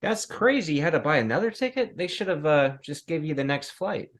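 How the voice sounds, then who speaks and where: A man's voice: on the high side, animated, fairly quick. An interviewer who reacts to his guest's story with short comments. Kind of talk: casual interview.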